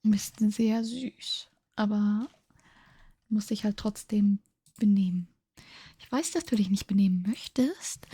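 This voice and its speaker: A tired woman chats in a breathy whisper on an ASMR livestream, slow and unhurried. Her tone is dark and soft, and she moves easily between two languages. The sound is dry and close, with no room echo. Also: medium pitch. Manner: drowsy, chatty, switching between two languages. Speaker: ASMR streamer.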